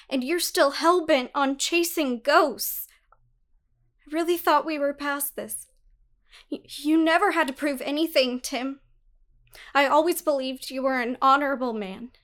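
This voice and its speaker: A woman's voice: very high voice, fairly bright tone, full character voice. A woman voicing a distraught young wife who pleads tearfully with her husband in an audiobook. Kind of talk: audiobook dialogue.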